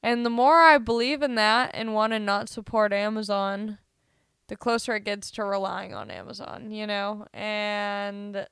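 A woman's voice: medium pitch, measured pace, fairly bright tone, clear, resonant tone, no echo, studio quality. A woman hosting a casual solo podcast, rambling and joking at her own expense while she has a cold. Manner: rambling, self-deprecating, joking. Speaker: podcast host.

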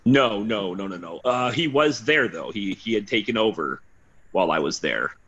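A man's voice: lowish voice, expressive, normal speed, fairly bright tone, slightly rough. A man telling rambling, profane stories as a podcast guest, over a dull lo-fi recording. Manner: rambling, swearing, laughing storyteller. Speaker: podcast guest, former team DJ. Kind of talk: casual storytelling. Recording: dull lo-fi sound.

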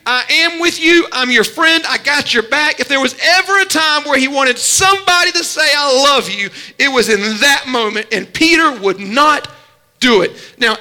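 Preacher guy, real high bright voice, dramatic storytelling, goes hushed then shouts. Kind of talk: sermon.

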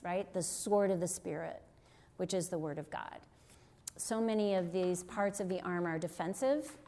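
A woman's voice: on the low side, darkish tone. A middle-aged woman giving an earnest, conversational sermon-style teaching, often checking in with her listeners. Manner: earnest, conversational, with frequent rhetorical "right?". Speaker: teacher on deliverance ministry.

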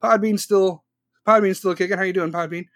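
A man with a high, steady voice speaks fairly quickly in clean, echo-free studio sound. He's a podcast host live-streaming casually, reading viewer comments from his phone aloud and firing back with sarcastic, argumentative replies to the chat.

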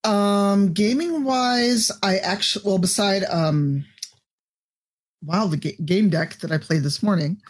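A woman's voice: mid-range voice, a little slow, husky. A woman guesting on a podcast, telling stories in a wry, chuckling way. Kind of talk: casual podcast chat.

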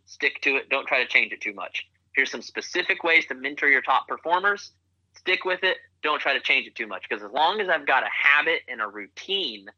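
A man's voice: mid-range voice, sharp tone, no echo. A man, an author and parent, talking earnestly as a guest in a podcast interview, coaching with repeated phrases. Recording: muffled lo-fi remote line.

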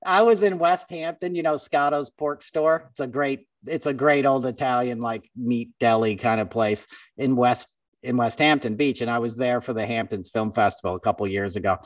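A man's voice: mid-range voice, moderate pace, no room sound, far from the mic. A man hosting a podcast, chatting casually about the news and telling stories with frequent laughs. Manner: chatty storyteller, laughs often. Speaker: podcast host. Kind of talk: casual political chat.

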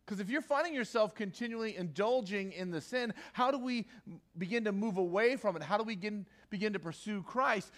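A man's voice: high-pitched, a little fast, fairly bright tone. A man preaching a conversational sermon to a live congregation, repeating key lines for emphasis and acting out quoted voices. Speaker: pastor. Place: church hall with a live audience.

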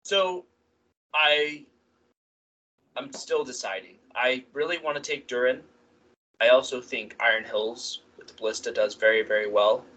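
A man co-hosting a casual hobby podcast, animated and excitable, often stumbling over his words. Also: medium pitch, measured pace, pauses often, rough recording. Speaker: podcast co-host. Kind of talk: casual chat about tabletop wargaming.

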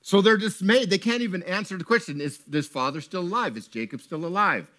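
Male preacher in a tent service, slightly higher voice, lively storytelling delivery. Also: fairly quick. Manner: animated storytelling, acts out characters. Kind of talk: sermon. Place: tent with an audience.

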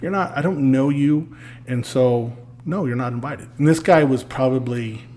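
A man's voice: medium pitch, normal speed. Man telling a story, acting out lines. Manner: animated, acts out quoted lines with swearing and laughs. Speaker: podcast guest. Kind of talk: casual storytelling.

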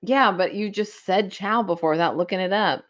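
A woman's voice: mid-range voice, moderate pace. A woman co-hosting a casual podcast chat, giggling and cheering on her co-host. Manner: giggly, encouraging.

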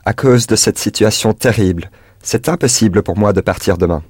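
Guy student, low husky voice, careful answers, dry sound. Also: brisk, darkish tone, no echo. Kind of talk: repeating practice sentences.

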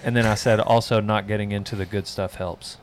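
Guy with a lowish voice cracking dry jokes while answering questions, faint background hiss. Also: fairly even intonation, fairly quick. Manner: dry, joking delivery of blunt advice. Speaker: host reading out listener questions. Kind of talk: casual chat.

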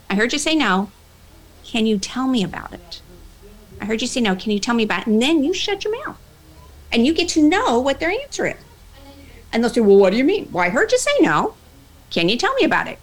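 A woman workplace trainer giving a motivational talk, animated, acting out both sides of the conversations she tells. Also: medium pitch, low-quality recording. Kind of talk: motivational talk with acted-out dialogue.

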